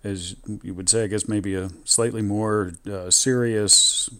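Reflective man with a lowish voice. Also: steady tone, bright, forceful tone, clear, resonant tone. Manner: measured and reflective, with many restarts. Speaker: former radio station manager, guest. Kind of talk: reminiscing radio interview.

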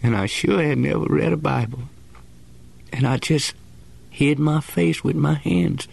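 A man's voice: a little high, unhurried, gravelly, darkish tone, slightly rough. A man telling his own life story as a former prisoner, in plain-spoken, colloquial speech that is earnest and emotional. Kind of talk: personal testimony storytelling.

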